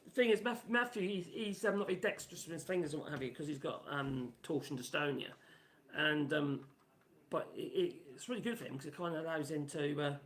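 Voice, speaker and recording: A man's voice: fairly high pitch, fairly quick, a bit bright. A man in his sixties rambling casually on a live stream and reading out chat messages while building a model. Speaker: livestream host.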